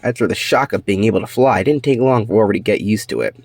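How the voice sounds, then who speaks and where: A man reading his own children's storybook aloud, animated, with slips and restarts. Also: on the low side, fast, a little hiss or hum.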